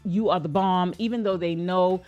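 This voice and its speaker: A woman's voice: on the low side, fairly even intonation, normal speed, a little mellow, lo-fi sound, soft background music. An American woman hosting a reaction video, chatting casually and speaking straight to her viewers with playful asides. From United States.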